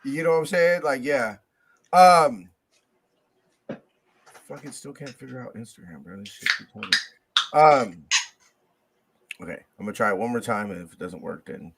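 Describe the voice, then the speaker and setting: A man on a casual home sports podcast chats in a mid-pitched, everyday voice. He rambles with slang, swearing and lots of fillers. His speech is loose and unpolished. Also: normal speed, pauses often, a bit bright. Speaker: podcast co-host.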